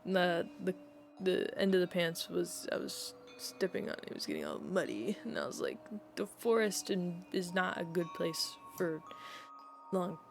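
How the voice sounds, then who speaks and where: A woman's voice: lowish voice, expressive, normal speed, creaky, faint music behind. A woman streamer chatting casually, rambling and giggling with plenty of fillers.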